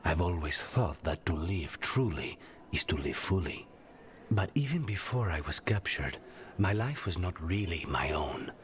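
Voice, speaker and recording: An actor playing a grave, brooding male assassin companion in a video game, speaking in a measured, intense way. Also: low voice, expressive, slight background noise. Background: game music.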